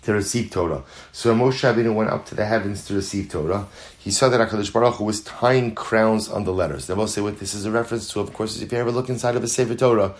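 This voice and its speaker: A man's voice: fairly low pitch, quick pace. Earnest man teaching a Talmud class. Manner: earnest, repeats phrases for emphasis; mixes in Hebrew and Yiddish terms. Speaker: Torah teacher.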